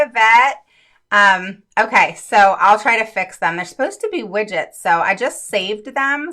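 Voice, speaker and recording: A woman hosting a casual live stream as a parent advocate, earnest and chatty, with many fillers and quick hellos to viewers by name. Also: lowish voice, sharp tone. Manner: chatty, greets viewers by name mid-sentence. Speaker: special education advocate and live-stream host.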